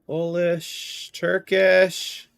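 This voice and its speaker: Man, game streamer, casual chatty commentary, slow delivery, fairly high voice. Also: little pitch movement, creaky, a bit bright, smooth, no echo, studio quality. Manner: chatty, exclaiming and apologetic to chat.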